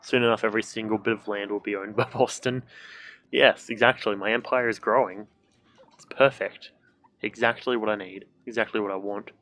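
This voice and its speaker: A man's voice: fairly low pitch, fairly even intonation, moderate pace, a bit bright. A young man streaming a video game from a room at home, casual let's-play commentary, joking, swearing and making silly sound effects.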